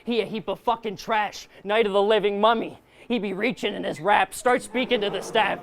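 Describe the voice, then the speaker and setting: This battle rapper's voice sits high, a bit bright and steady, delivered briskly. Performing live with a crowd audible around him, he taunts his opponent aggressively, firing off punchlines.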